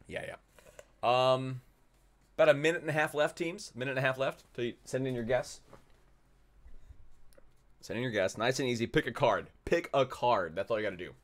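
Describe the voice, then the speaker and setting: A man's voice: mid-range voice, moderate pace, long pauses. A man hosting a live trivia game in a casual, jokey, rambling way, often repeating himself.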